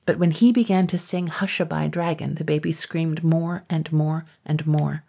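Low husky woman reading a story. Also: fairly even intonation, normal speed, warm tone. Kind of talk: scripted narration.

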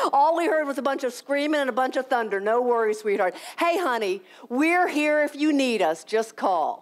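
A woman's voice: high-pitched, lively intonation, normal speed, pitched above the performer's own voice. A woman voicing a kindly woman neighbor who dotes on her and calls her honey and sweetheart. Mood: soothing.

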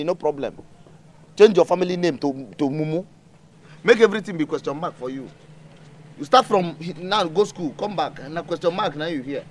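A man's voice: a little high, a little hiss or hum, close to an everyday voice. An actor with a Nigerian accent playing a stingy, exasperated father in a comedy film, scolding and mocking in turn.

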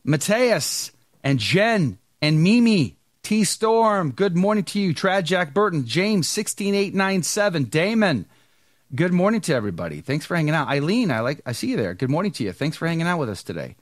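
A male podcast host with a fairly high voice that swings up and down a great deal as he reels off greetings to his live chat viewers. He is recorded close and dry, with no room sound. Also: big pitch swings, normal speed, no room sound.

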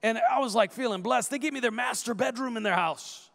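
A man, a guest minister, telling stories and prophesying in a sermon with animated, restarting delivery. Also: extremely high pitch, vocal fry. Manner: animated, storytelling, repeats words in quick restarts.

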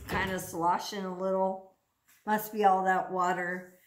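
A woman's voice: mid-range voice, flat delivery, a little slow, a little hiss or hum. A woman speech therapist leading a practice lesson for children at home, playful and exaggerated in a sing-song teacher voice. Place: home room. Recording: echoey room.

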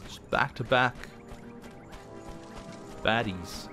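A man's voice: medium pitch, big pitch swings. A man casually commentating a video game as he plays, chatty and easygoing. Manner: easygoing, chatty, quick reactions. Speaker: let's play gamer. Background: game music.

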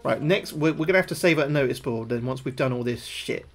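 Excitable sweary man streaming. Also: medium pitch, a little fast. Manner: excitable, swears a lot, yelps when scared. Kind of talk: live gameplay commentary.

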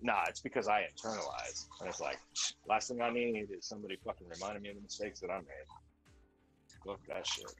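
A man's voice: lowish voice, fast talker, music in the background, rough recording. A man in his forties venting bluntly in casual chat while streaming, full of swearing. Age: 40s. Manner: profane, blunt, animated venting.

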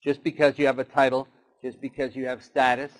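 A keynote speaker gives a motivational talk, telling stories and acting out short animal voices. He has a medium-pitched voice with a flat, brisk delivery, and the recording is rough.

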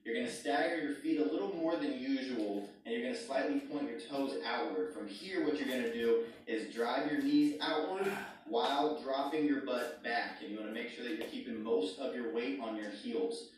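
A man's voice: mid-range voice, normal speed, hardly any pauses. A man teaching leg exercises, coaching upbeat through each move as he demonstrates it. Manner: upbeat coaching, demonstrating moves while talking. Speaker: fitness instructor. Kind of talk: workout demonstration. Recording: far from mic, very echoey room, clear noise.

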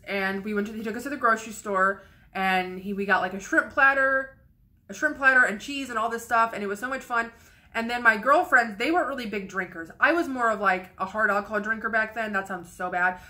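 A woman's voice: medium pitch, sharp tone. A young woman vlogger telling a casual, candid story in a rambling way, swearing freely.

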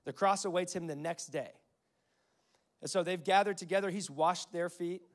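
Preaching at a normal speed in a high voice, a man in his twenties or thirties serves as pastor. He weaves conversational stories into his sermon and quotes scripture.

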